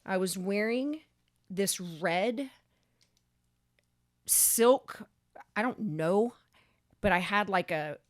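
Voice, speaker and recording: A woman, co-hosting a podcast and telling a story in a casual, animated way, swearing and speeding up when excited. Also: medium pitch, extremely slow, pauses often, no room sound, clean studio sound. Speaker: podcast co-host.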